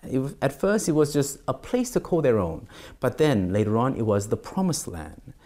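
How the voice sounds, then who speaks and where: Middle-aged guy preaching a devotional, lively up-and-down voice, mellow tone, lots of uhs. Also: medium pitch, moderate pace. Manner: reads scripture aloud, with many fillers. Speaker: pastor. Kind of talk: devotional sermon.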